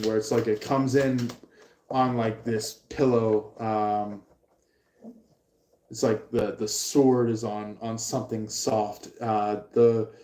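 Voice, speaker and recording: A man giving a live tarot reading, rambling and halting with many fillers. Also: medium pitch, a little mellow, a little hiss or hum. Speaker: tarot reader. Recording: roomy echo.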